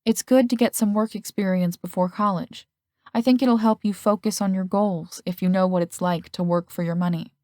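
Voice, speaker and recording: A woman's voice: medium pitch, fairly even intonation, normal speed, dark tone, dry recording, studio quality, natural voice. A woman voicing an affectionate, practical middle-aged mother in an audiobook.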